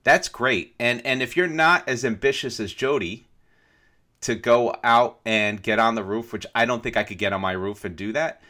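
Bright-toned man, thoughtful podcast talk. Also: mid-range voice, moderate pace. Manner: thoughtful, keeps asking "right?". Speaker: podcast co-host. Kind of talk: casual podcast chat.

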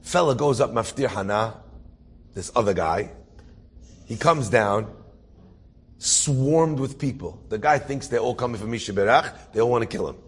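A man's voice: mid-range voice, expressive, moderate pace, long pauses, slightly rough. A man telling an inspirational story as a sermon, acting out the characters and building to emphatic preaching.

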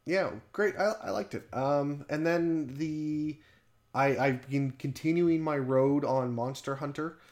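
A man co-hosting a casual podcast chat, animated, laughing often and swearing freely. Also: on the high side, takes it slowly. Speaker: podcast co-host.

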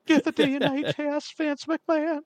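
A man doing a comic impression of a creepy old male wrestling manager, wailing in a high, drawn-out voice. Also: level tone, no room sound. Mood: wailing, theatrical. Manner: slow, dramatic crying-out delivery.

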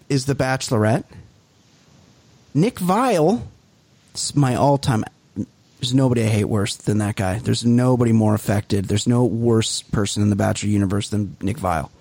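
A man's voice: medium pitch, a little mellow, husky, no room sound. A man co-hosting a comedy podcast, ranting in casual chat and acting out other people in mocking quoted voices. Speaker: podcast co-host.

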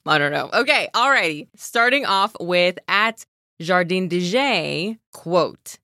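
A woman's voice: lowish voice, expressive, takes it slowly, sharp tone, no room sound, studio quality. A woman co-hosting a casual podcast, playful and giggly, reading listener quotes aloud. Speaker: podcast co-host.

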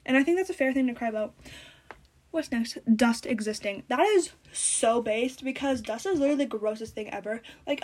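Teen girl, high voice, casual vlog chat, sarcastic, rambling, chewing gum. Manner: rambling, sarcastic, animated storytelling; chewing gum while talking. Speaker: vlogger.

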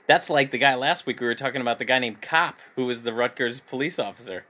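A man's voice: medium pitch, fast, pushed and bright. A man co-hosting a comedy podcast, telling odd news stories in a dry, casual way. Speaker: podcast co-host.

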